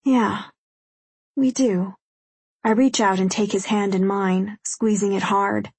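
A woman with a husky, mid-pitched voice reads a romance audiobook in the first person. She keeps her reading quiet and intimate, and the sound is dry and close. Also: steady tone, takes it slowly, no echo. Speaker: audiobook narrator.

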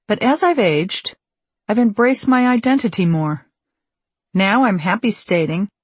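Husky low-voiced woman reading a memoir. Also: dry recording. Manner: measured, wry storytelling delivery. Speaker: audiobook narrator. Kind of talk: scripted memoir narration. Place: recording studio. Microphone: studio microphone.

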